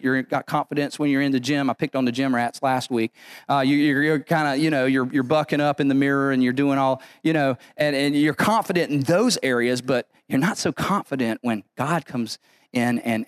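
A man's voice: mid-range voice, no room sound, clean studio sound. A man preaching a sermon as pastor, emphatic and repetitive, often restarting his phrases.

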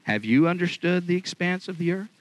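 A stern, sarcastic God who asks slow, mocking questions of a mere mortal, as a preacher puts him on. The voice is dry and close, with no room around it. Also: male voice, sits high, lively intonation, no room sound, voice pushed up, poor audio. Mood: solemn.

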